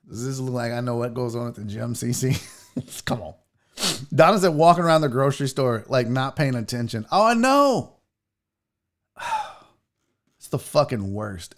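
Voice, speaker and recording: A man with a medium-pitched, gravelly voice hosts a casual show, ranting comically and profanely about pet peeves while reading viewer comments. He's exasperated and animated in his storytelling.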